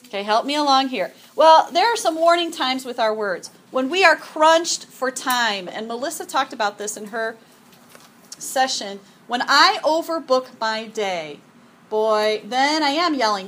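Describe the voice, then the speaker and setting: A middle-aged woman giving a devotional talk to a group, animated and chatty, often acting out her own yelling and sprinkling in "okay" and "um". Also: fairly high pitch. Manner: frequent "okay" and "um". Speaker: women's event speaker.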